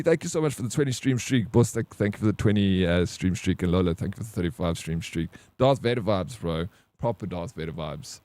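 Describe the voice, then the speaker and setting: A man's voice: mid-range voice, a little mellow, dry recording. Swearing streamer man, says "bro" a lot. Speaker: live streamer. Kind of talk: casual live-stream storytelling.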